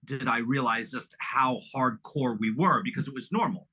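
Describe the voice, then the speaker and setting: A man's voice: mid-range voice, moderate pace, bright, forceful tone, husky, poor audio. A middle-aged man from Long Island, New York, reminiscing casually as an interview guest, rambling with lots of fillers and restarts. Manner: rambling, full of "you know" fillers and restarts.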